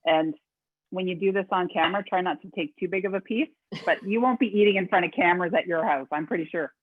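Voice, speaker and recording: A woman's voice: on the low side, fast. A woman giving a live cooking demonstration over a video call from her kitchen, chatty and full of fillers and restarts. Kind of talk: live cooking demo webinar. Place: home kitchen. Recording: tinny phone-like audio.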